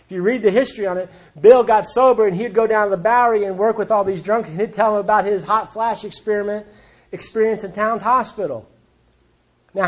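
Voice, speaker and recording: A man speaking at a recovery group meeting, telling his story in a blunt, plainspoken way with wry humor. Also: sits high. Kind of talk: personal testimony talk.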